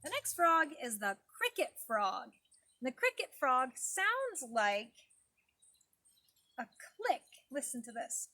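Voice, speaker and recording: A woman's voice: high voice, very animated, slow pace, bright, forceful tone. A woman leading a preschool storytime lesson outdoors by a garden pond, talking in a sing-song teacher voice to small children.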